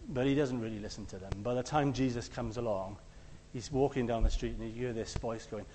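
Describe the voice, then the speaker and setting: A man preaching a conversational sermon. He tells stories and acts out the quotes, sometimes shouting them loudly. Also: mid-range voice, brisk, hardly any pauses, big-room sound, slight background noise.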